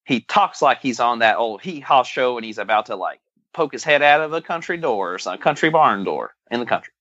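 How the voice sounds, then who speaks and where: Man, podcast co-host, casual chat, rambling, folksy, bright tone, slightly muffled audio. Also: medium pitch, animated, brisk, dry recording. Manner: rambling, stumbling over words, folksy slang.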